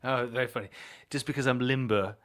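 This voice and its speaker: A man's voice: mid-range voice, steady tone, brisk, fairly bright tone, natural voice. A man playing a smug, self-righteous progressive character in an improvised comedy bit, mock-earnest and prone to stammering and giggling. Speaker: comic guest character.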